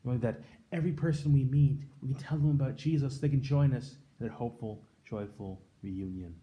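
A man in his thirties reading scripture and then giving an earnest, reflective devotional sermon, letting his voice drop soft and quiet on tender points. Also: medium pitch, quick pace. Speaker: pastor giving a daily devotion.

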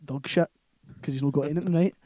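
A man's voice: on the high side, steady tone, fast, dark tone, dry recording. Scottish man rambling through a film plot. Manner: rambling, laughing retelling full of "like" and "right?". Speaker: podcast co-host. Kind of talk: casual movie chat.

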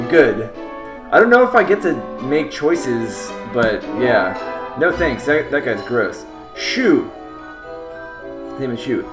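A man live-streams a game playthrough, reading its text aloud and joking about it between lines as he talks to his chat. His fairly high, fairly bright voice is sing-song and slow with long pauses, and the recording has a roomy echo with faint game music behind it.

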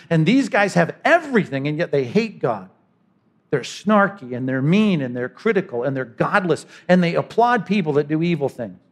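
A man delivers a sermon from the pulpit. His voice sits a little high for a man, and he moves between punchy emphasis and quiet, intimate asides. He often slips into the voices of imagined people. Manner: dynamic preaching, voices imagined speakers, sudden drops to quiet. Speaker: pastor.

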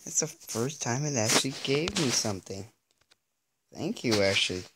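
Exasperated man with a lively voice. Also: medium pitch, moderate pace, very noisy. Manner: exasperated, stammering, pleads with the game. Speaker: gaming video creator. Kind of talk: let's-play commentary.

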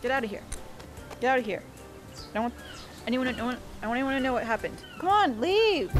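A woman playing a VR game while commenting live, excitable and often screaming and yelping at the game's characters through her headset mic. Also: sits high, fast talker, pauses often, soft background music. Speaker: VR gaming YouTuber.

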